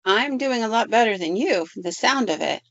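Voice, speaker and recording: A woman hosting a paranormal podcast, explaining in a measured way with frequent ums. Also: a little high, lively intonation, a bit bright, no echo, dull audio. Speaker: paranormal podcast host and storyteller. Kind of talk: casual podcast narration.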